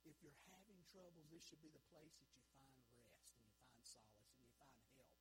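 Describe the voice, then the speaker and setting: A male pastor preaching a sermon, swinging from hushed, earnest lines to loud shouted ones and repeating phrases for emphasis. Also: medium pitch, lively intonation, brisk, background noise. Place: church sanctuary.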